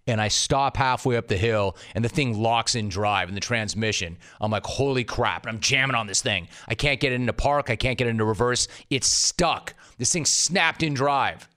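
A middle-aged man hosting a sports radio show, ranting loudly, telling stories and interviewing a guest. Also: mid-range voice, moderate pace, few pauses. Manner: loud, ranting, storytelling with acted quotes.

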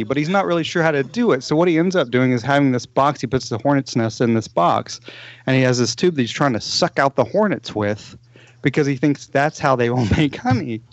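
A man on a podcast, telling the plot of a TV show in a rambling, animated way, with many restarts. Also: a little high, highs cut off. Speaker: podcast co-host. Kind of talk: casual chat, recommending a TV show.

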